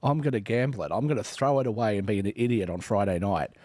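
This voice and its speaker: An Australian man in his forties hosting a panel podcast, arguing in an animated way and acting out quoted exchanges. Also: lowish voice, quick pace, dry recording. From Western Australia. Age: 40s. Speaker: podcast host.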